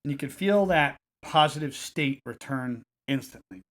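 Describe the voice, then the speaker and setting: A man guiding listeners through a self-help technique in a calm, repetitive coaching cadence. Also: mid-range voice, moderate pace. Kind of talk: guided self-help instruction.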